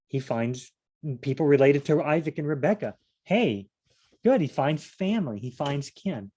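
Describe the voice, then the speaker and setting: A man's voice: medium pitch, darkish tone. Chatty man reading and discussing scripture. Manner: digressive, chatty asides and restarts. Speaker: Bible study vlogger. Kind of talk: reading scripture aloud with casual commentary.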